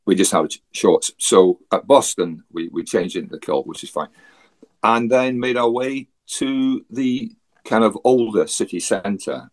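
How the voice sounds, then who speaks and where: A Scottish man from Scotland, a guest telling a travel story in a chatty way, with wry asides and frequent laughs. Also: on the low side. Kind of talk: casual storytelling.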